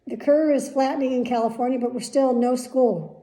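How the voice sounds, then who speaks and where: A woman's voice: sits high, steady tone, a little fast, warm tone, roomy sound, rough recording. A middle-aged woman hosting her daily vlog, talking frankly and heatedly, swearing freely and admitting she is worked up. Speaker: vlogger, daily show host. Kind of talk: candid talking-head rant.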